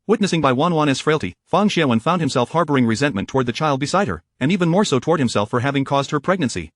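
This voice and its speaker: A man narrating a story in a formal, even reading style. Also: medium pitch, no echo, studio quality.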